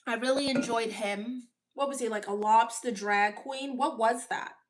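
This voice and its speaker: A woman's voice: on the high side, fairly even intonation, a little slow. A woman from Brooklyn with a Brooklyn accent, hosting a casual livestream and answering viewer comments in a blunt, sassy, unapologetic way. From Brooklyn, New York. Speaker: livestream host.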